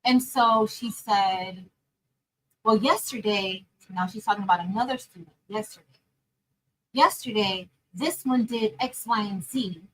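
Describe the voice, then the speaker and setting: A woman chatting casually and telling a story straight to her viewers, animated, calling them y'all and girl. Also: medium pitch, unhurried, rough recording. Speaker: crafting vlogger and teacher.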